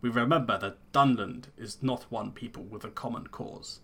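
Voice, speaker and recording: A man's voice: medium pitch, moderate pace, pushed and bright, breathy edge. A man voicing a solemn old clan elder with a put-on accent, reading a game character's lines aloud. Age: older. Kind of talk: gameplay voice-over of game characters.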